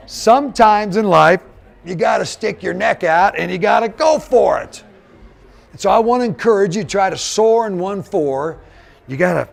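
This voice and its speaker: Lively male motivational speaker, slightly high voice. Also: moderate pace, vocal fry. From Missouri, USA. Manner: animated storyteller, acts out quotes, addresses the audience directly. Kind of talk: live motivational talk with storytelling.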